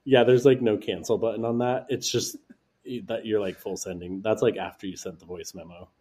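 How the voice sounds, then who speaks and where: A man with a low, slightly husky voice co-hosts a podcast in a loose, rambling chat. He strings his thoughts together with plenty of fillers. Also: fairly even intonation, a little fast, mellow. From United States. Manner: chatty, rambling, many fillers. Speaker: podcast co-host. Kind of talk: casual chat.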